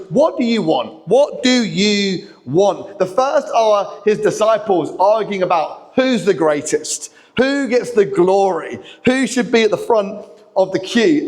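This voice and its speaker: A man, preaching a lively, chatty sermon that draws in the kids in a church hall. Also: sits high. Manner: lively, chatty, talks to the kids, acts out lines. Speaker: pastor.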